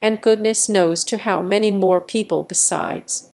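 A woman narrating a classic novel for an audiobook in a steady, measured reading. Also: mid-range voice, gravelly. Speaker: audiobook reader.

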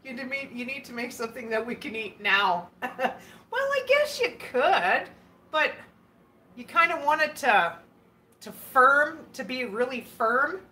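Woman, live-stream host, slow unhurried talk, crisp bright tone, giggly and chatty, casual chat. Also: high voice. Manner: chatty, giggly, reads viewer comments aloud. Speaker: livestream host.

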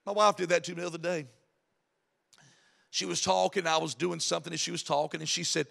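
A male pastor preaching a sermon. He swings between loud, emphatic points and quiet asides, and tells personal stories in a chatty, self-mocking way. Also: on the high side, steady tone, quick pace, vocal fry.

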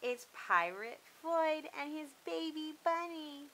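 A woman's voice: high voice, expressive, takes it slowly, fairly bright tone, slight background noise, voice pushed up, exaggerated voice, low-quality recording. A woman voicing a gloating young witch bully who taunts in sing-song rhymes in a storybook read-aloud. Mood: taunting. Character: jeering mean girl witch, gloating bully.

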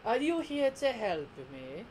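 A man's voice: extremely high pitch, big pitch swings, unhurried, gravelly, darkish tone, voice pushed up, heavily acted. A smug, sarcastic alien tyrant speaks with exaggerated, mock-grateful politeness, the way a cartoon villain talks down to an ally, voiced by a man doing an impression. The tone is sly and sneering throughout, and a faint background hum sits under the speech. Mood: mock-polite.

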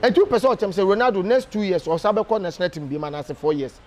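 A Ghanaian man giving an animated, emphatic casual interview, full of hesitation fillers. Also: high voice, fast. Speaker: interview guest.

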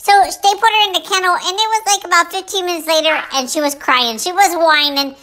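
A woman's voice: extremely high pitch, fairly even intonation, brisk, sharp tone. A woman voicing a sassy, pampered female French bulldog, telling a gossipy story with many ums. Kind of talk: storytelling pet vlog.

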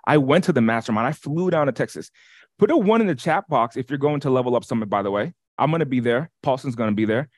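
Energetic man teaching a webinar. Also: mid-range voice, no echo, studio quality. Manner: energetic, repeats words, quick restarts. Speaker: workshop co-host. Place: lives in Las Vegas.

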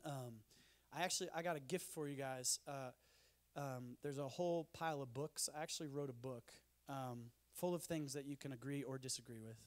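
On a conference stage, a man with a medium-pitched voice speaks at normal speed. He's an animated, self-deprecating storyteller whose talk is packed with humorous stories at his own expense.

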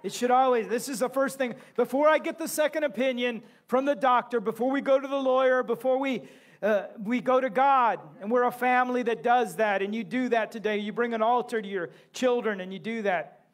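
High-voiced impassioned preacher. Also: male voice, brisk. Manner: impassioned, shouting in bursts, joking asides. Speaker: pastor. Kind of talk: sermon. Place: church sanctuary.

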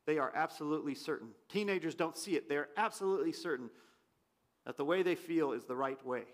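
A pastor preaching a sermon in a church, his voice swinging from loud questions to quiet asides. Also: fairly high pitch, quick pace. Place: church sanctuary.

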